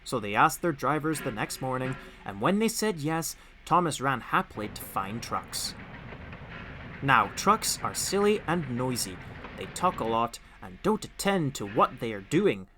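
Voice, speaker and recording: A man narrating a storybook audiobook with expressive, animated storytelling. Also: medium pitch, measured pace, soft background music.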